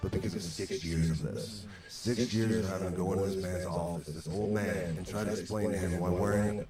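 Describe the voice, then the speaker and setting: Lower-voiced man telling a wry, exasperated story. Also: steady tone, brisk, over loud music. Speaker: interview guest. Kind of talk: storytelling anecdote. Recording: echoey distant replay from a stream.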